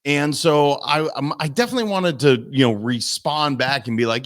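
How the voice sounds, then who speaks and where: A man, a guest coach in a podcast interview, telling stories in an animated way and acting out the people he quotes. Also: a little high, normal speed. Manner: animated storytelling, acts out voices in quotes. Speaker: guest, mindset and business coach.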